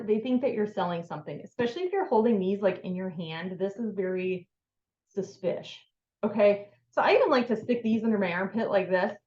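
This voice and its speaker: A woman's voice: mid-range voice, brisk, darkish tone, echoey room, muffled recording. A woman giving a casual, upbeat how-to talk on sales and networking, full of filler words. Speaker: sales trainer.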